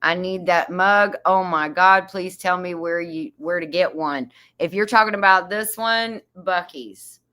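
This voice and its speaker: A woman hosts a relaxed livestream, chatting and reading out viewer comments with an easy laugh. Her voice sits a little low but sounds bright and crisp, and she takes her time with an unhurried pace. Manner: chatty, laughs often, reads comments aloud. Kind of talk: casual chat.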